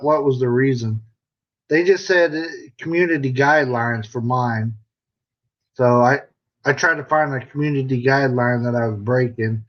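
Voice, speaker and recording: Slow-talking American man on a live stream. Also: medium pitch, lo-fi sound. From United States. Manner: chatty and joking, reading comments aloud. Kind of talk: casual live-stream chat.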